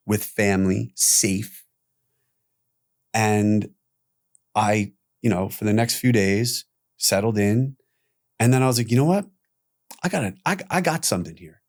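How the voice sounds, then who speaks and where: Middle-aged guy telling his story straight up, blunt, cusses a lot, gets worked up. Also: fairly low pitch. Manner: blunt, animated, swearing freely. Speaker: guest. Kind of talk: candid personal storytelling.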